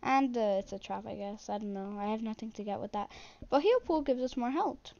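Young woman, gameplay commentary, flat self-deprecating mutter, slightly high voice, dull lo-fi recording. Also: brisk, creaky. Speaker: gaming channel host.

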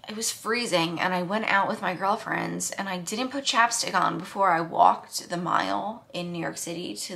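A woman's voice: on the low side, vocal fry, bright, forceful tone. A young woman chatting casually to the camera in a vlog at home, talking loosely with lots of "like" and sometimes dropping to a whisper. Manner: chatty, says "like" often, drops to a whisper at times. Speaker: vlogger.

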